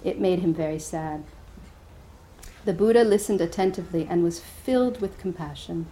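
A woman meditation teacher giving a dharma talk and telling a story in a gentle, hesitant way, with easy laughter. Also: lowish voice, normal speed, rough recording.

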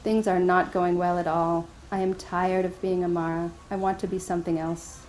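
A woman's voice: on the low side, flat delivery, moderate pace, darkish tone, a little hiss or hum, close to an everyday voice. A woman voicing a weary, complaining male demon lord who is tired of being evil, in a story told during a dharma talk. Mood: weary complaint. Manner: complaining, exasperated.

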